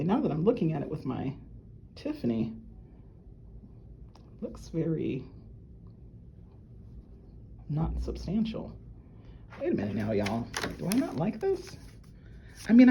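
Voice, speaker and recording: A woman, gushing and excitable as she unboxes jewelry and chats with viewers she calls y'all. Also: mid-range voice, muffled recording, slight background noise. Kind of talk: casual unboxing chat to viewers. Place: at work.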